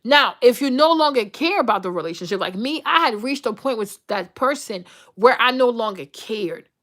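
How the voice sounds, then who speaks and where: A woman's voice: on the high side, animated, moderate pace, fairly bright tone. A woman vlogger in a blunt, profane, unscripted rant, acting out the lines of the people in her stories. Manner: blunt, profane, acts out quoted dialogue.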